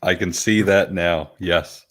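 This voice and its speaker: A man with a fairly low voice chats casually as a podcast co-host. He keeps it relaxed, mostly answering with short nods of agreement and dry remarks. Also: takes it slowly. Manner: laid-back, short agreeing replies. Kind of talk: casual chat.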